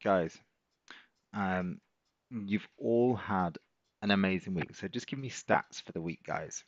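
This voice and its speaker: A man's voice: low voice, slow pace, no echo, dull audio. A middle-aged man, hosting a live stream as a trading coach, chatting casually and encouraging viewers as he reads out their comments.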